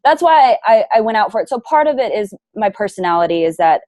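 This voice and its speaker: A young adult woman speaking as an interview guest, frank and lively in casual chat. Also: medium pitch, quick pace, dry recording. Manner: frank and lively, plays devil's advocate.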